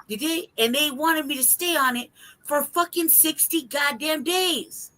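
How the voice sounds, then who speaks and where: A woman's voice: high voice, a little slow, poor audio. A young woman co-hosting a podcast, telling stories in casual chat with lots of swearing and laughter. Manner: profane, animated storytelling with frequent laughter. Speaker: podcast co-host.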